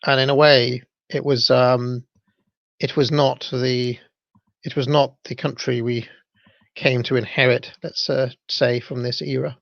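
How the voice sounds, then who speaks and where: Gravelly man musing. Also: medium pitch, flat delivery, unhurried, no room sound. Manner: hesitant, reflective. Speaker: host. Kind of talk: video commentary. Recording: dry, dull lo-fi mic.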